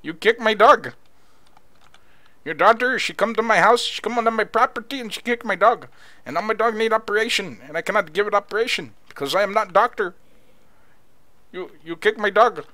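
A man's voice: extremely high pitch, normal speed, hardly any pauses, bright, forceful tone. A man voicing an angry foreign man who rants in broken grammar about someone kicking his dog. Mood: indignant. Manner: broken grammar, indignant ranting.

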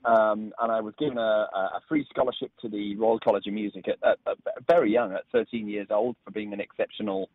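A man's voice: lowish voice, fast talker, few pauses, no echo. A middle-aged man with a northern English accent from Leeds, telling stories as a radio interview guest. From England. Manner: relaxed storytelling with restarts. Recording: phone line.

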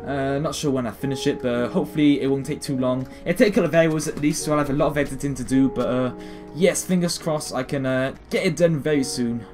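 A man's voice: medium pitch, fast talker, over music. A British man in his late teens, rambling and self-mocking through gameplay commentary. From Britain. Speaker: gaming video host.

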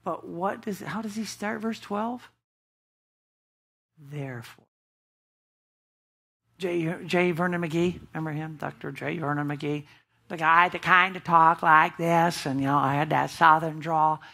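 A woman's voice: low-pitched, a little slow, gravelly, long pauses, sharp tone, breathy edge. A woman pastor preaching a sermon in a church, emphatic and asking the congregation rhetorical questions.

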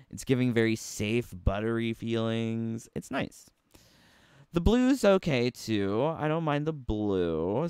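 Sassy, animated man critiquing game costumes. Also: medium pitch, smooth, no echo, studio quality. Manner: playful, sassy critique with rhetorical questions. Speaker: gaming YouTuber. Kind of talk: casual commentary on game costumes.

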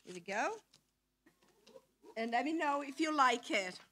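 A middle-aged Brazilian woman speaks with a high, bright voice. She takes her time, coaxing children playfully in a church talk. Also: expressive, measured pace. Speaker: visiting mission speaker. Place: church hall.

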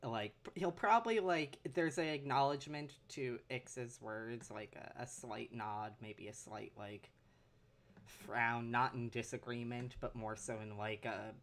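A woman's voice: very deep voice, unhurried. A woman narrating her character at a tabletop game, hesitant and full of fillers. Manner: hesitant, full of ums and likes. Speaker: tabletop player.

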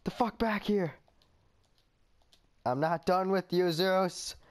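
A man's voice: high voice, slow pace, background noise. A man bantering with friends during a game, laughing often and swearing in playful threats. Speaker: gamer playing with friends. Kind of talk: casual gameplay banter.

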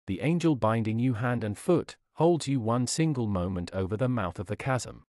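A man's voice: mid-range voice, moderate pace, hardly any pauses, a little mellow, dry recording, studio quality. A man reading a sermon aloud in a solemn, declamatory way, with dramatic rises and falls. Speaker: preacher.

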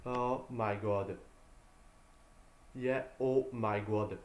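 A man's voice: lowish voice, fairly even intonation, very slow, highs cut off, slight background noise. A man streaming a video game, talking casually to his viewers in an exasperated, sighing way and repeating himself as he vents. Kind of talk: casual live-stream chat. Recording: roomy echo.

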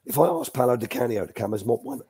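Animated and quick, with a warm mid-range voice and a breathy edge, a former youth coach in his older years tells stories as a live Q&A guest. He chats freely, restarts sentences midway, and acts out quotes.

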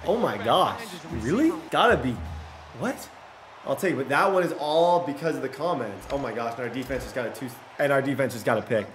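A young man giving excitable commentary while playing a football video game, often bursting into loud shouts over big plays. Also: mid-range voice, brisk, a little hiss or hum. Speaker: gaming YouTuber. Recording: echoey room with game music behind.

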